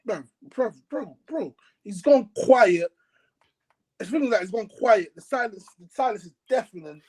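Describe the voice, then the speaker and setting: A man's voice: high voice, a little fast, slightly rough, poor audio. A man ranting about football in a heated casual chat, repeating himself as he vents. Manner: animated, ranting, repeats words, London slang. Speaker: co-host.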